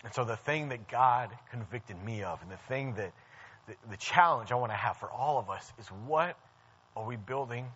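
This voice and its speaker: A man's voice: medium pitch, normal speed, a bit bright, slightly rough. A young man preaching a sermon in a conversational storytelling way, often restarting his sentences. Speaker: church staff preacher. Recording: dull lo-fi sound.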